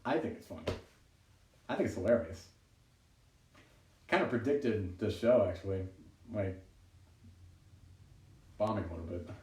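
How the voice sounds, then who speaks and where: A man with a low, mellow voice rambles through a self-deprecating stand-up set streamed from his home, chuckling at his own jokes. He sits back from the mic, and the room rings around him. A faint noise hums underneath. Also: expressive, measured pace, pauses often. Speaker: stand-up comedian. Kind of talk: live-streamed stand-up monologue. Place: at home during quarantine. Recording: roomy, distant home recording with faint noise.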